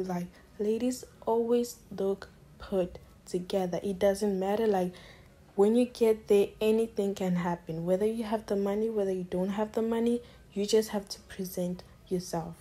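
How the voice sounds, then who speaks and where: A woman talking to camera in a casual advice vlog, coaxing and direct as she keeps addressing her viewers as ladies. Her voice is husky and mellow, sitting at an ordinary pitch, and she now and then drops to a breathy near-whisper. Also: steady tone, moderate pace. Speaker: lifestyle vlogger giving advice to women.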